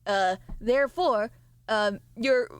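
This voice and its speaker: A woman's voice: a little high, slow pace, smooth, no echo. A woman streamer chatting casually with her live chat, swearing and laughing as she reacts to messages.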